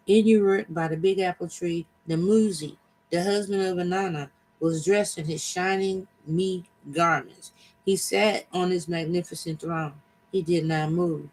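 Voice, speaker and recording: A man reads an ancient poem aloud. His voice sits high. He reads deliberately and slows at key lines. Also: fairly even intonation, slight background noise, poor audio. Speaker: reader.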